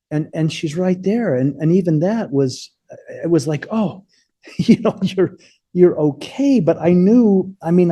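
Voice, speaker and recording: A man with a very dark, mellow voice that has a husky edge, heard in a dry room with no echo. He tells a personal story as an interview guest. His delivery is halting and earnest, with frequent repeated words. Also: mid-range voice.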